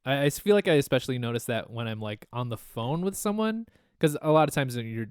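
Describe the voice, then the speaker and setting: Minnesotan dude on a podcast, regular pitch, dry close sound, jokes about himself. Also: male voice, lively intonation, fast talker, clean tone, no room sound. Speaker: podcast guest. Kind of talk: casual chat.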